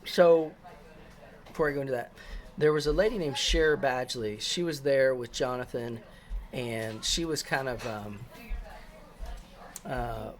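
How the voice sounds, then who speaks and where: A man's voice: medium pitch, a little slow, pauses often. A man casually telling a personal church story, rambling with many fillers and restarts. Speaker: christian storyteller.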